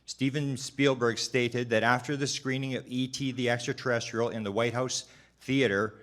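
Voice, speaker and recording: A man delivering prepared testimony at a hearing. His reading is measured and formal. He trips over a word now and then and starts it again. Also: mid-range voice, steady tone, a bit bright.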